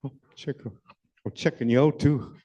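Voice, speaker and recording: A man's voice: mid-range voice, measured pace, mellow, breathy edge. A man playing a flirty, rambling joker who teases the crowd with live comedy, talking into a handheld mic. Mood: teasing. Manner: teasing, rambling, chatty, peppered with "eh". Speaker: stand-up comedy character entertaining a crowd. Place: large event hall. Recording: dull, muffled live-event recording.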